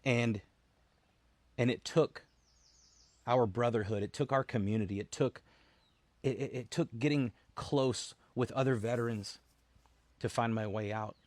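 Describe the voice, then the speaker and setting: A man of middle pitch speaks to camera in a dry, close recording. He is a veteran, earnest and halting, often repeating a word before going on. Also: a little mellow, dry recording. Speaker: military veteran, founder of a veterans' support group. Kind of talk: personal storytelling to camera.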